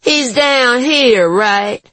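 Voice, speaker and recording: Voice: mid-range voice, animated, extremely slow, sharp tone, no room sound, voice pushed up, full character voice. A narrator voicing a brash, cackling hefty woman. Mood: brash, taunting. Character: brash loud middle-aged woman, beery and mocking. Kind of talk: audiobook character voice.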